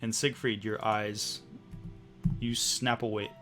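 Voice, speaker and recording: Slow-narrating male game master. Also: on the low side, flat delivery, soft background music. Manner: slow, hushed narration with pauses.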